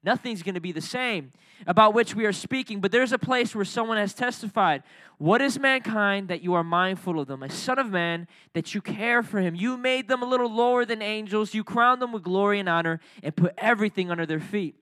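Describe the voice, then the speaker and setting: A man's voice: high voice, brisk, no echo, clean studio sound. A young man, a youth director, preaching a casual, joking youth sermon and drawing the crowd into call and response. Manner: energetic, joking, talks with the crowd.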